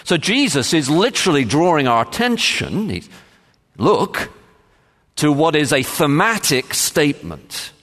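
A man preaching a sermon as pastor, measured and emphatic, with frequent pauses and "uh" fillers. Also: a little high, big pitch swings, fairly bright tone. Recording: long reverb of a large hall.

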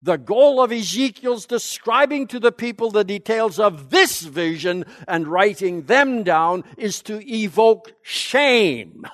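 A man's voice: sits high, a bit bright, no echo, studio quality. A man teaching a Bible lecture, emphatic and fond of rhetorical questions.

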